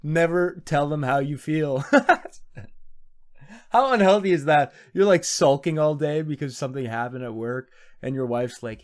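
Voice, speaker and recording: A man's voice: fairly high pitch, normal speed. Laughing incredulous young man reacting. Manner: incredulous, laughs often, sarcastic. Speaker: YouTube commentator. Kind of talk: reaction commentary.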